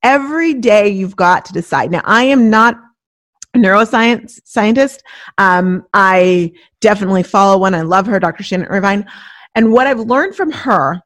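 A middle-aged woman delivers a motivational monologue as a podcast host, her pitch swooping up and down as she drives each point home. She slips into little acted voices for the doubts she quotes. The sound is close and dry, with no room around it. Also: normal speed, dry recording. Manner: animated, acts out inner voices and quotes.

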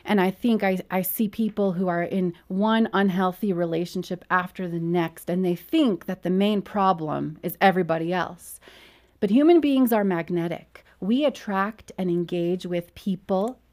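A woman with a slightly low voice speaks as a counselor guest. She tells stories and gives advice at a measured pace. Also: darkish tone. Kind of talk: conversational interview.

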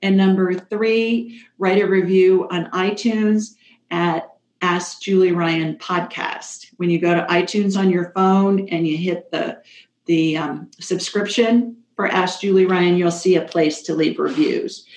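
A woman's voice: fairly low pitch, fairly even intonation, a little slow, a little mellow. A woman hosting a call-in show, talking in a chatty, upbeat way and joking about herself. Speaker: radio show host and psychic. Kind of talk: casual call-in show chat. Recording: roomy echo.

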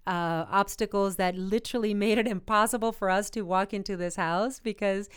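A woman's voice: mid-range voice, steady tone, normal speed, smooth, no echo, studio quality. A woman speaking earnestly as a podcast guest, encouraging listeners. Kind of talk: motivational podcast conversation.

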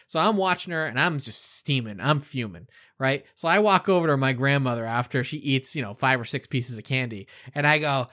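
A middle-aged man co-hosting a podcast, telling a childhood story in a casual, animated way and acting out the quotes. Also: mid-range voice, fairly quick, hardly any pauses. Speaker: podcast co-host.

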